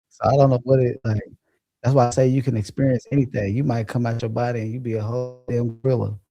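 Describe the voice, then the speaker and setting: A man's voice: medium pitch, steady tone, fairly quick, long pauses, dark tone, dry recording, rough recording. A man hosting a casual livestream, chatting loosely and profanely and laughing as he reads viewer comments. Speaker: livestream host. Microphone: phone or computer mic.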